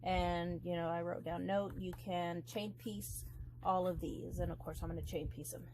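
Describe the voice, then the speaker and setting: A woman's voice: lowish voice, level tone, normal speed, darkish tone, slight background noise, rough recording. A woman vlogging as she quilts, rambling and blunt, swearing freely as she works through her steps. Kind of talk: casual chat while crafting.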